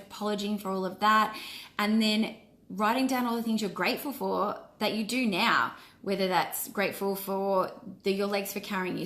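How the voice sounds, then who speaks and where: A woman's voice: mid-range voice, fairly bright tone. A woman in her forties, a wellness coach, giving an earnest and encouraging casual live-stream talk. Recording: roomy echo.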